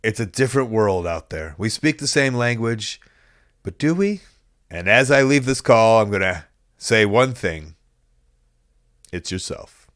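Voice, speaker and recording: A man hosting a podcast who answers a caller's story with joking, animated commentary. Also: medium pitch, moderate pace, no room sound, studio quality. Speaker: podcast host.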